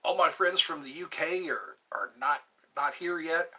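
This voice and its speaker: Speaking from a phone on a tripod, a middle-aged man hosts a livestream, rambling casually to young viewers and drifting into bits of song. His voice sits on the high side, pushed and bright, with lively intonation and an unhurried pace.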